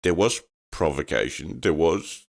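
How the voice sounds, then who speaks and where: A man's voice: extremely low pitch, unhurried, creaky. A man co-hosting a casual podcast chat, telling stories with lots of swearing and acting out quotes. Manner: animated storytelling, swearing, acts out quotes in raised voice. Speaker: podcast co-host.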